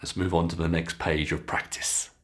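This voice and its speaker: A man with a British English accent teaching pronunciation, reading a story aloud slowly and clearly between instructions to pause and practise. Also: deep voice, level tone, a bit bright. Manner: slow, deliberate, clearly enunciated reading with instructions to repeat.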